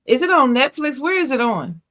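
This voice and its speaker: A woman's voice: sits high, sing-song, a little fast, a bit bright. Woman, podcast co-host, casual and opinionated, chatty with easy laughs. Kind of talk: casual chat.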